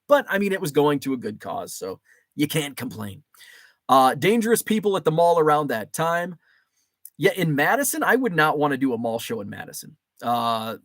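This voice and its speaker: A man's voice: fairly high pitch, fairly bright tone, no echo. A man from Illinois hosting a casual livestream, reading viewer comments aloud and answering them in a chatty, rambling way. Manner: chatty, rambling, with frequent ums and restarts. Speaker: livestream host.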